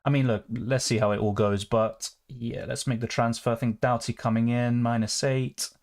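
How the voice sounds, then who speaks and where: A young man chatting casually on a live stream, answering viewer questions in a relaxed, conversational way. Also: medium pitch, normal speed. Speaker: fantasy football streamer.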